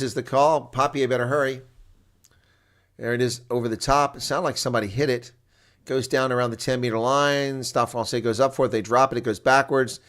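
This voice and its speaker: A man giving live reaction commentary on a rugby match, chatting to viewers and getting loudly excited on big plays. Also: mid-range voice. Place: home setup streaming a reaction broadcast.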